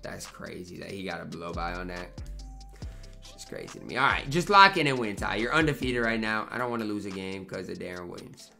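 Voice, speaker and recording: A man's voice: deep voice, expressive, brisk, creaky, pushed and bright, soft background music. A young man commentating his own basketball video game match, ranting in frustration and talking to himself between plays. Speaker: gaming YouTuber. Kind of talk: live gameplay commentary.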